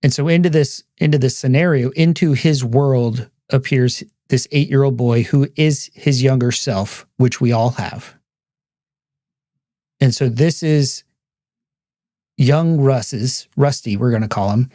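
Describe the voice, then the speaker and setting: A man with a mellow, warm voice and a dry, close sound. He speaks in a steady, thoughtful way as he walks through the story. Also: medium pitch, unhurried, no echo. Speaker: podcast host. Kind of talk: movie discussion podcast.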